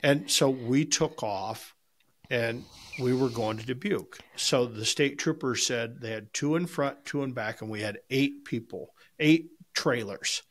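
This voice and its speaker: A man's voice: medium pitch, a little slow. A man co-hosting a barbecue podcast, telling rambling anecdotes in a casual, salty, storytelling way. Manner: rambling anecdotes with frequent restarts, salty language. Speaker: podcast co-host and competition barbecue cook.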